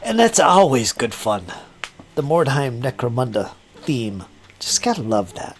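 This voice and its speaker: A man's voice: medium pitch, big pitch swings, unhurried. A man hosting a casual live hobby chat while he crafts, rambling and joking and often laughing at himself. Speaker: hobby channel host.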